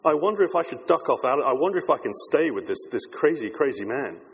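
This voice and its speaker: A man's voice: mid-range voice, sing-song, quick pace, husky. A man voicing an anxious male disciple, a worried family man who talks himself toward doubt. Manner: fretful, doubting, talking himself out of loyalty. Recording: long hall reverb.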